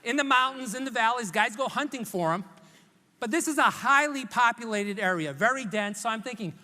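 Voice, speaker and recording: A man from Hawaii giving a humorous commencement speech in a large church hall, telling a story in an animated, self-mocking way and voicing his own thoughts. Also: very high-pitched, fairly quick. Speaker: commencement speaker. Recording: echoey recording in a large hall.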